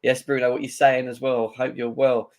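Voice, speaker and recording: A man hosting a casual fan livestream, talking excitedly and greeting chat viewers by name. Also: mid-range voice, moderate pace. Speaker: livestream host.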